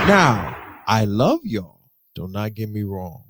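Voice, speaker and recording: Animated young podcast host. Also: male voice, slow, very noisy. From Detroit. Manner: animated and slangy, jumps to high excited pitch, mimics voices. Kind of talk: casual solo podcast storytelling.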